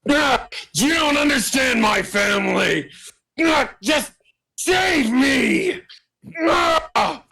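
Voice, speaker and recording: A man voicing a desperate imperial lord who shouts shrilly for help and then turns to threats. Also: high-pitched, big pitch swings, slow, vocal fry, voice pushed up, heavily acted, poor audio. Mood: panicked.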